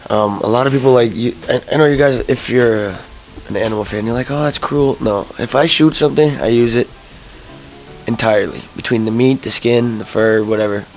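A young man telling a rambling story to camera, early in the morning, swearing and jumping to high yelps when he gets excited. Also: brisk, faint music behind, rough recording. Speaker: vlogger.

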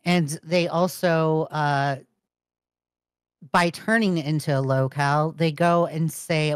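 Low-voiced woman chatting bluntly. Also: fairly even intonation, slow, clean tone, dry recording, studio quality. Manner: blunt, joking, swears freely. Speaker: podcast co-host. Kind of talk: casual chat.

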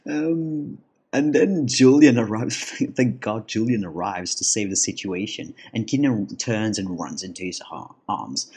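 Husky, rambling man narrating casually. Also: fairly low pitch, lively intonation, moderate pace, a little mellow. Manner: rambling, laughs often, many restarts. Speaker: comic artist and channel host.

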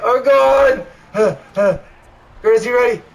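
High-voiced man yelling at a hockey game. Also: takes it slowly, creaky, low-quality recording. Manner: shouting and cheering at the game. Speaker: gamer streaming a hockey video game. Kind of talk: excited gaming chat with teammates.

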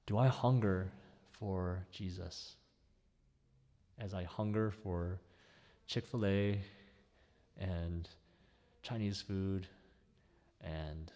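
A man preaching a sermon as pastor, in a conversational, animated way. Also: low voice, very slow, long pauses, big-room sound. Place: church sanctuary.

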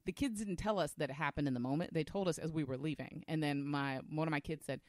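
A woman co-hosting a podcast, telling a story in a lively, assertive way in casual conversation. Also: low-pitched, fast, few pauses, no echo, clean studio sound. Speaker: podcast co-host.

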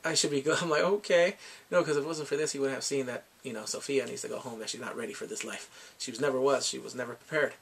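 A man casually recapping a TV episode, lively and excitable, often jumping into playful voices for the characters. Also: mid-range voice, rapid-fire, creaky, slightly rough. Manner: animated, bursts into shouts and playful quoted voices. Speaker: TV episode reviewer.

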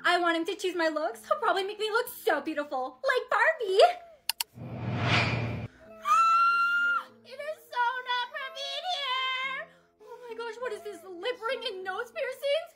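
A woman's voice: extremely high pitch, animated, a little fast, music in the background. A woman telling a storytime in a chatty, dramatic way. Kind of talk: storytime narration.

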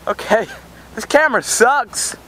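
A man's voice: very high-pitched, a little slow, low-quality recording. A young man walking and vlogging outdoors beside a road, joking and rambling in a goofy way, filmed on a handheld camera's built-in mic. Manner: goofy, rambling, yelling at passing cars. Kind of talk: joking walk-and-talk vlog. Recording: outdoor camera audio with loud traffic. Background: passing traffic.

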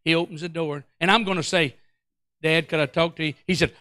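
Animated preacher man. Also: a little high, brisk, dry recording, studio quality. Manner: animated, acts out quotes, Pentecostal call-outs. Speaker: pastor. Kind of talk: storytelling sermon. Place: church.

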